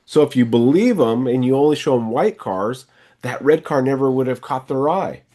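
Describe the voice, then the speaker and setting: A man's voice: medium pitch, lively intonation, normal speed, warm tone. A man coaching a salesman one on one, casually acting out lines a salesman and a customer might say. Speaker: sales trainer and podcast host.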